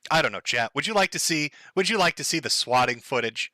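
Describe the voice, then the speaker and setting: Sarcastic man, bright and lively. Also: fairly high pitch, fairly quick, few pauses, dry recording, clean studio sound. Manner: sarcastic, mocking, laughs often. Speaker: live stream host. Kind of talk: live stream commentary.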